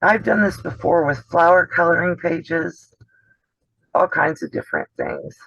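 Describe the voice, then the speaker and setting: Over a video call, a sewing channel host gives a casual demonstration, talking in a chatty, explanatory way and frequently trailing off mid-sentence. He has a fairly high, gravelly voice with a sharp tone and a measured pace. The audio is dull and dry with no room sound.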